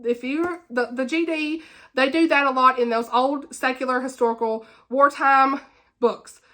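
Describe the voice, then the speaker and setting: Bright-voiced, animated woman book vlogger. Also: high voice, measured pace. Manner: animated, ranting, laughs often; chatty, with many fillers and repeats. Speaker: book reviewer, channel host. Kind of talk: casual book wrap-up chat.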